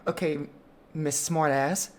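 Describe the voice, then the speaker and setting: A woman's voice: deep voice, fairly even intonation, slow pace, slight background noise. A woman voicing an exasperated middle-aged aunt who fires off flustered, scolding questions.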